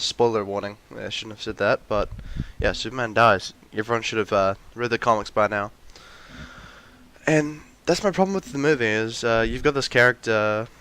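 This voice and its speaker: Young male vlogger, crisp bright tone, rambly rant with fillers. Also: fairly low pitch. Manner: rambling with frequent restarts and fillers; acts out mocking quotes of characters. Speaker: video essayist. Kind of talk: ranty casual monologue.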